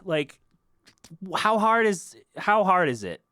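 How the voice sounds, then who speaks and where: A man's voice: high-pitched, very animated, slow pace, music in the background. A young man hosting his own podcast, ranting off the cuff with laughter and exasperation. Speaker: podcast host and musician.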